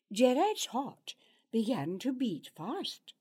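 A woman narrating an audiobook chapter in a measured storytelling manner. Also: a little high, big pitch swings, mellow, slightly rough.

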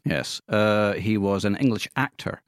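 Brief: male co-host of a radio movie show, casual, fumbling fillers, deep voice. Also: clean tone, no room sound, studio quality. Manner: halting reading with many fillers, stumbling over foreign names. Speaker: radio film-news co-host. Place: radio studio.

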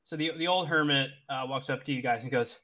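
A man's voice: mid-range voice, quick pace, sharp tone. A man narrating as game master for a tabletop game, rambling with many fillers.

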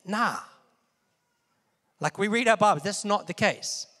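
A man's voice: sits high, a little slow, pushed and bright. A man preaching a sermon in a conversational way, often asking his listeners questions and getting them to repeat words. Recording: long hall reverb.

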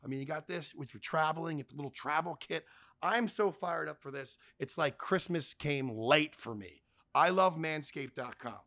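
A man who hosts the show, telling a story casually and reading an ad, animated and fond of swearing, acting out the quotes. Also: fairly high pitch, normal speed.

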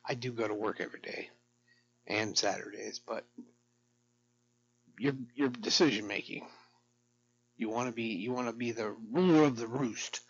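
A man's voice: on the low side, moderate pace, vocal fry, long pauses, lo-fi sound, slight background noise. A middle-aged man vlogging in a rambling, profane, darkly joking monologue to camera.

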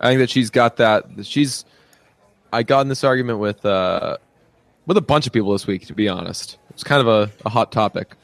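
Speaking a little fast in a fairly low voice, a male podcast co-host rambles through casual conversation, laughing and using lots of fillers. No echo is audible.

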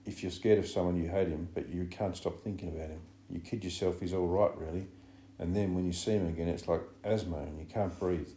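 A man's voice: sits low, fairly even intonation, fairly quick, mellow, a little hiss or hum, lightly acted. A man reading an audiobook, voicing an anxious, fussy schoolboy who pleads earnestly. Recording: roomy echo.

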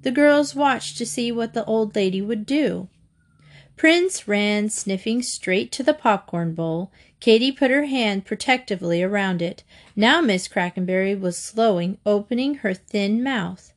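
A woman reading a children's chapter book aloud, gentle and expressive. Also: mid-range voice, unhurried. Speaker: audiobook reader. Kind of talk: storybook narration read aloud.

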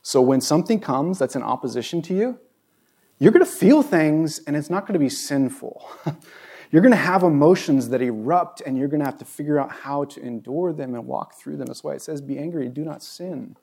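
Gravelly-voiced male pastor, conversational sermon. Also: on the high side, animated, fairly quick, mellow. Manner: conversational, asks the audience questions. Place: church.

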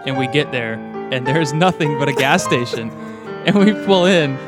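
A man's voice: mid-range voice, moderate pace, music in the background. A man who is a guest on a podcast, telling a story in casual, laid-back chat and chuckling as he goes. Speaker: in-studio guest.

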